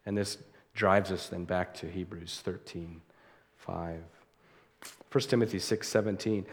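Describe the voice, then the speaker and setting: Slow, earnest preacher in a reverberant hall. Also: male voice, sits low, fairly even intonation. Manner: earnest, slows to stress key words, reads scripture aloud. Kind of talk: sermon.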